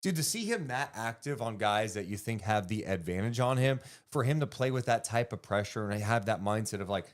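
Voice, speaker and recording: A man co-hosting a basketball podcast, talking through a game in animated, casual chat. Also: fairly low pitch, fairly quick, few pauses. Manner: animated, swings up when excited, swears casually.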